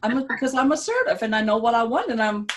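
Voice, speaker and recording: A woman's voice: on the high side, sing-song, fast. Blunt, laughing woman guest. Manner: straightforward, blunt, laughs a lot. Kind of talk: casual chat.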